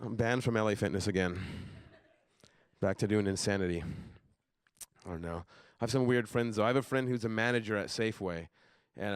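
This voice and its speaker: A young man doing a stand-up comedy set on a live stage, deadpan, dropping his voice low for asides. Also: smooth, no room sound, studio quality.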